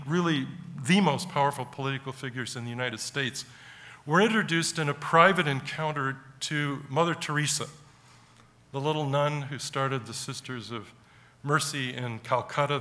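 A man preaching a sermon in a church, telling stories earnestly in short, paused phrases. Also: mid-range voice, pushed and bright.

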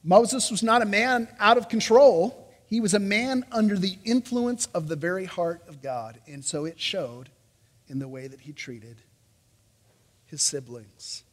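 A man preaching a sermon as pastor, reading scripture with animated emphasis and dropping casual asides. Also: high-pitched, measured pace, long reverb tail.

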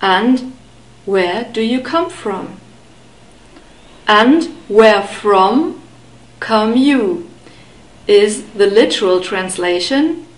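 A woman teaching German pronunciation to beginners, patiently repeating each word slowly and clearly. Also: mid-range voice, lively intonation, echoey room, poor audio. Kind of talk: slow, careful pronunciation lesson.

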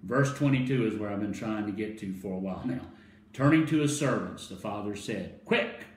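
Excited preacher in an echoey room. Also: male voice, fairly quick, recorded from a distance. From United States. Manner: builds from hushed, low storytelling to excited, loud preaching with laughter; calls the listeners to repeat phrases after him. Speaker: pastor. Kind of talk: sermon.

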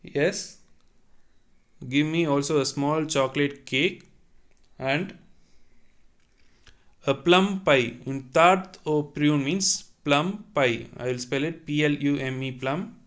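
A man teaching a French lesson, reading sentences and then translating and repeating them patiently. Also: fairly high pitch. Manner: slow and deliberate, repeats and explains each line. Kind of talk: online language lesson.

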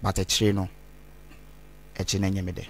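A man speaks low in his range, his gravelly voice rough with fry. He rambles through an interview and slips Twi phrases into his English. A faint hum of noise sits behind him. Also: completely flat delivery, moderate pace. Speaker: interview guest. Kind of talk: candid interview talk.

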